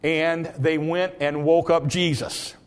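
Folksy preacher, higher-pitched man. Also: level tone, slow, smooth. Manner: folksy storytelling with frequent fillers and restarts; bursts into loud dramatic quotes. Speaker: pastor. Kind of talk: sermon.

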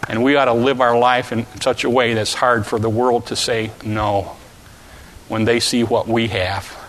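A man preaching a sermon, telling a story with volunteers and shouting out the characters' calls. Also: medium pitch, little pitch movement, a little slow, a little hiss or hum. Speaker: pastor. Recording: long hall reverb.

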